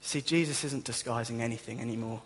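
A man's voice: medium pitch, fast, in a large hall, slight background noise. A man preaching a sermon, telling stories with humour and acting out the voices of the people in them. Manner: animated storytelling, acts out voices with humour.

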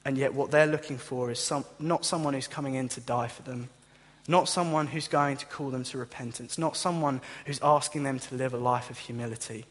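Man, pastor, impassioned sermon, husky voice, long hall reverb. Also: mid-range voice, steady tone, fairly quick. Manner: impassioned preaching, direct address to listeners. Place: church.

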